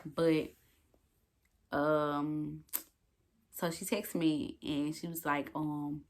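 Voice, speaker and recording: A woman in her twenties telling a casual, animated storytime vlog to the camera, swearing freely and calling out to her viewers. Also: low voice, very slow. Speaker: vlogger.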